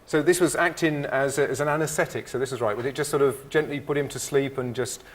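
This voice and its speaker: A man's voice: mid-range voice, steady tone, fast talker. A man giving a live science demonstration lecture to an audience, upbeat and encouraging.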